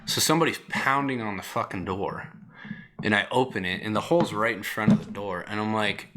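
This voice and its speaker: A man hosting a podcast who tells rambling stories in a casual, animated way and swears constantly. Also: on the low side, moderate pace. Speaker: podcast host. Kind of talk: casual storytelling.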